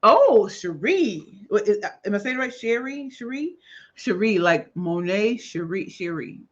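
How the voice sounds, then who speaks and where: Animated woman hosting a livestream. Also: mid-range voice, unhurried, muffled recording. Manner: animated, greets viewers by name, slangy. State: tired. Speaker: livestream host. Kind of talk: casual livestream chat.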